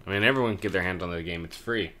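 A man's voice: low voice, rapid-fire, sharp tone. A man making dry, wry remarks while his friends play a game. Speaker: co-host. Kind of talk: casual gameplay banter.

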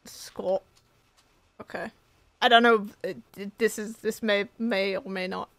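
A woman's voice: mid-range voice, steady tone, a little slow, vocal fry, fairly bright tone, dry recording. Chatty woman playing a game, dry sound. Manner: chatty, giggly, thinking aloud. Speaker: let's play streamer. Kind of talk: casual gaming chat.

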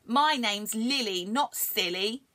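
A woman voicing a curious, energetic young female dog in a storybook reading. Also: a little high, takes it slowly, exaggerated voice. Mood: eager. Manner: inquisitive, bouncy.

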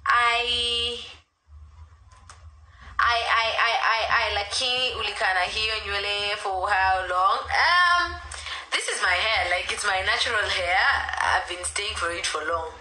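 A woman's voice: mid-range voice, steady tone, a little slow, pushed and bright, a little hiss or hum. A young woman, chatting casually on a live stream, reading comments aloud and apologizing, with a sore throat. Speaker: livestreamer. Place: alone at home, indoors. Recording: echoey room.

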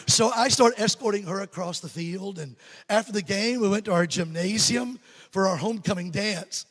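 Joking with the crowd, a Southern evangelist in his fifties from Alabama tells a humorous sermon story in a church sanctuary. He talks briskly in a high voice, and the sound is that of a large hall.

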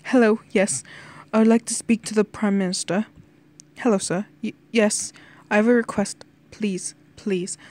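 A woman's voice: medium pitch, steady tone, moderate pace, a little mellow, close to an everyday voice. A woman voicing a distraught young man, a personified nation, who stutters and pleads tearfully. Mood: frantic pleading.

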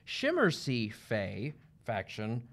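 A man's voice: mid-range voice, wildly swooping pitch, slow pace, fairly bright tone. A man hosting a livestream, running through a list of best-selling games in an upbeat, joking way. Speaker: host. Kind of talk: livestream product rundown.

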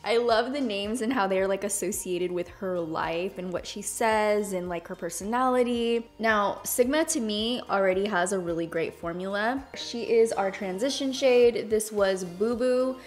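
Young woman vlogger, excitable and chatty, mid-range voice, casual tutorial delivery. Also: medium pitch, normal speed, hardly any pauses, faint music behind. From Hispanic background, speaks without Spanish accent. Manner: bubbly, enthusiastic, chatty. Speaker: beauty YouTuber. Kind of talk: makeup tutorial talk.

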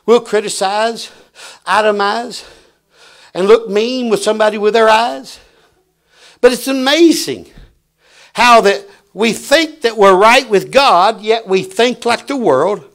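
A middle-aged man preaching with a fairly high voice. He drops to a hush, then rises to a shout as he tells stories from the pulpit. The sermon is dramatic and full of anecdotes. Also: slow pace. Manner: dramatic swings from hushed to shouting, storytelling preacher.

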